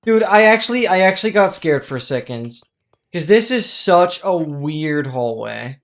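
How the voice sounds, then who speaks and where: During a live gameplay stream, a game streamer chats casually, excitable and full of exclamations while thanking viewers. The voice is medium-pitched at a normal speed.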